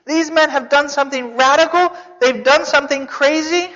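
A preacher giving a sermon, telling the story with animated asides, rhetorical questions and jokes. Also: high voice, moderate pace. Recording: dull reverberant hall recording.

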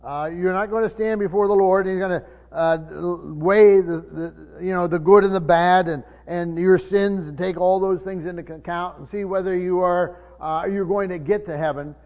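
Man preaching, high voice, halting with lots of fillers, long echo, muffled old recording. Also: steady tone. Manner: halting, many fillers and restarts, slows to stress words. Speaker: pastor. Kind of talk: sermon, Bible teaching. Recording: muffled sermon recording in a reverberant hall.

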